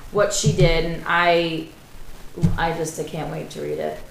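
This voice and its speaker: A woman with a Massachusetts accent co-hosts a podcast in a laid-back, casual chat. The room around her has a clear echo. A faint noise sits in the background. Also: low voice, fairly even intonation, a little slow. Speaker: podcast co-host. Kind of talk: casual chat over wine.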